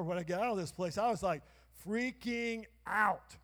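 Pastor, man in his 60s, high voice, sermon with call-and-response and sudden shouts, long church reverb. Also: normal speed, few pauses. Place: church sanctuary.

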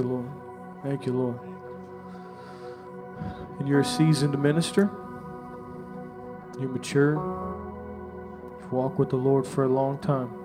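Earnest man speaking over music. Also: mid-range voice. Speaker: minister speaking a prophetic word. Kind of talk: prophetic word over a person.

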